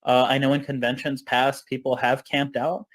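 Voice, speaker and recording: A man's voice: medium pitch, level tone, normal speed, a bit bright. Casual man organizer on a video call. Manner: casual, many fillers. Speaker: protest organizer. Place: home on a busy street.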